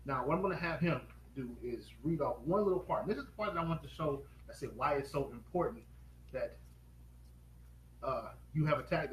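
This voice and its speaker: A man hosting a live stream pitch, upbeat and quizzing viewers with rapid questions. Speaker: host. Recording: echoey room with faint noise.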